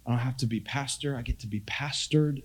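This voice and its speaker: Preaching in a conversational, self-deprecating way, a middle-aged pastor swings from hushed tones to loud ones. He speaks briskly at medium pitch, with a breathy edge to his voice.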